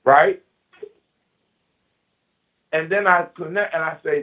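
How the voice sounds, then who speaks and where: A man talking in a casual chat, making his point like a sermon and acting out the people he quotes in a lower voice. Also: takes it slowly. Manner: preachy, acts out quoted voices in a low register. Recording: distant, phone-like line.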